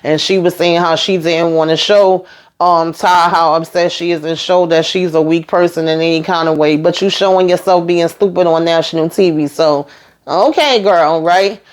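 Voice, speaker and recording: A woman's voice: on the low side, fairly even intonation, moderate pace. Sassy woman recapping reality TV. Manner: sassy, opinionated, chatty. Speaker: reality show recap host. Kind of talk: casual commentary on a reality TV episode.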